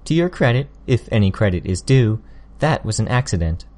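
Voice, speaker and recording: A man voicing a sly, sharp-tongued teenage girl villain in an audiobook, smug and needling. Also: lowish voice, sing-song, a little fast. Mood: accusing. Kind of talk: audiobook character voice.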